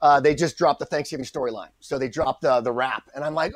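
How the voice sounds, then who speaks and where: A middle-aged man, a guest actor on a podcast, telling a story in a lively way, acting out the people he quotes and often restarting his sentences. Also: medium pitch, fast. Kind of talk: anecdotal storytelling in a podcast interview.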